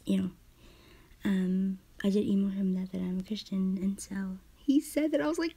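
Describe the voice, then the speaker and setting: Breathy, gushing young-sounding woman vlogger. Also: medium pitch, moderate pace, dark tone. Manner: gushing and starstruck, often dropping to a breathy half-whisper. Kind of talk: casual vlog to camera.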